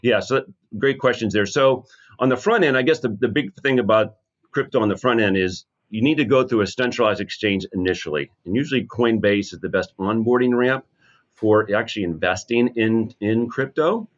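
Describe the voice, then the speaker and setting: A man's voice: lowish voice, normal speed, muffled recording. A man as a guest advisor in a podcast interview, answering confidently and upbeat with many restarts.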